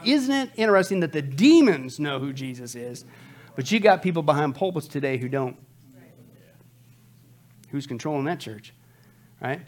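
A man's voice: high-pitched, lively intonation, brisk. A man preaching a sermon, emphatic, often asking rhetorical questions to the crowd.

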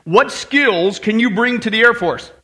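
A man's voice: sits high, lively intonation, a little slow, pushed and bright, full character voice. A man voicing a stern male Air Force general who barks clipped questions in a joke told from the pulpit. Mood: commanding.

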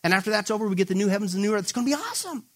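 A man preaching a sermon, talking straight to his listeners and pushing his points hard. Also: rapid-fire. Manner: emphatic, builds to raised, excited pitch when quoting; addresses listeners directly as folks. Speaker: pastor.

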